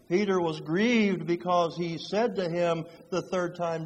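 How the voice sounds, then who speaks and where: A man preaching a sermon, moving between hushed, slow passages and fervent, rising ones. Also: high voice. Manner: dynamic, swings from hushed to fervent. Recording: long hall reverb.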